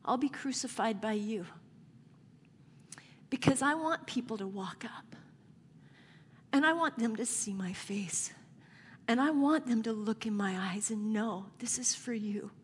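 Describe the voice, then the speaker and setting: A woman preacher voicing Jesus speaking from the cross, soft and hushed, in a sermon. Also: fairly high pitch, a little slow, long pauses, slight background noise, lightly acted. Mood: tender. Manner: soft, hushed, pleading first-person address. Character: adult male Jesus speaking from the cross, tender and suffering. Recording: long hall reverb.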